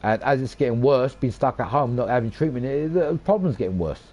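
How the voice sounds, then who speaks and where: A man's voice: mid-range voice, expressive, fairly quick, warm tone, highs cut off. A man, rambling and ranting over his own gameplay, swearing a lot and repeating himself for emphasis. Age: 40s. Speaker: gaming channel host.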